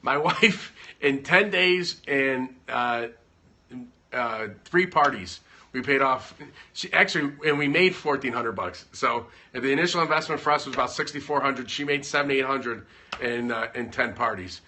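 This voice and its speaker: Speaking at normal speed in a mid-range, pushed, bright tone, a man offers business advice on a casual home livestream. His delivery rambles, jokes, and keeps interrupting itself.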